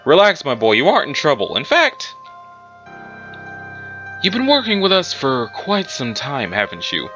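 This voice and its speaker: A man voicing an elderly, powerful male board member who speaks in a smooth, condescending, teasing way. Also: medium pitch, wildly swooping pitch, moderate pace, pauses often. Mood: smug. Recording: muffled recording with background music.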